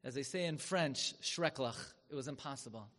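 A man giving a sermon as a story. He talks with drama and turns loud and high when he acts out the people in it. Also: normal speed. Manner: dramatic, swells loud and high when acting out quoted rabbis. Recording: long hall reverb.

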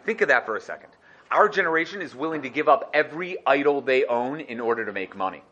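A man teaching a lively Torah lesson, animated and acting out little scenes. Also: medium pitch, fast talker, highs cut off. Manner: animated, acts out dialogue.

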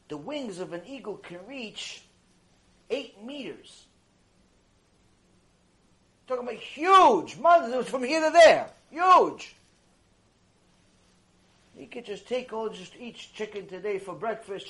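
A man teaching a religious lecture, telling a story in an animated way and repeating phrases for emphasis. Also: sits high.

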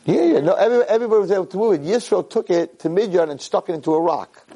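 A middle-aged man, a rabbi, giving a lively Torah lecture to a class and acting out the voices in his stories. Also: high-pitched, very fast. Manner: animated storyteller who acts out voices and cries out quoted lines.

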